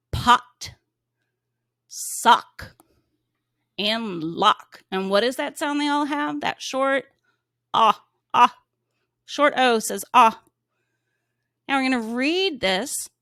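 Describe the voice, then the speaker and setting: Woman teacher sounding out words slowly. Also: on the high side, no room sound, clean studio sound. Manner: slow, clearly sounded-out words for young children; gently coaxing, asks the child questions. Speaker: reading teacher. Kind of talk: children's phonics lesson.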